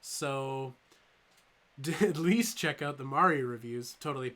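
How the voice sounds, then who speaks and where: A man's voice: mid-range voice, slow, a bit bright. A young man casually hosting a live stream, loose and joking, with lots of ums as he answers chat. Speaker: toy channel host streaming live.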